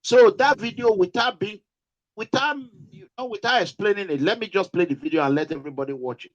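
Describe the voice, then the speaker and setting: A man's voice: sits high, a little fast, muffled recording. A man with a Nigerian accent hosting an online talk for an activist group, hesitant and full of "uh" fillers. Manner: hesitant, heavy use of "uh" fillers.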